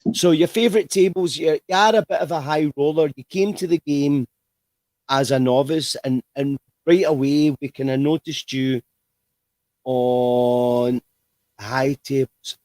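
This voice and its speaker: Man, livestream host, rambling chat, mid pitch, dry sound. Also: steady tone, unhurried, a little mellow, no echo. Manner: chatty, rambling with restarts. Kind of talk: livestream interview.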